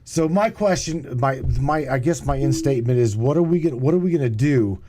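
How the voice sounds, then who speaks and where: A man's voice: medium pitch, animated, brisk, background noise. Stammering man hosting a live show. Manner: stammering, restarting phrases. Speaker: show host. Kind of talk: casual live show chat. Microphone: online call setup.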